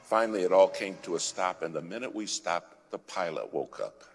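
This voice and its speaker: A man giving a sermon as a guest speaker, telling a dramatic story, swinging from loud urging to a hushed whisper. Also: low voice, expressive, normal speed, vocal fry. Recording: long hall reverb with faint music.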